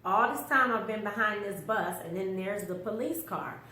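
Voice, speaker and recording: A woman's voice: mid-range voice, normal speed, sharp tone. A middle-aged mother giving an earnest, emotional personal testimony, often quoting the voices she heard. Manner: emotional, earnest storytelling with quoted inner voices. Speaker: mother telling a personal story. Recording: roomy echo with faint background hum.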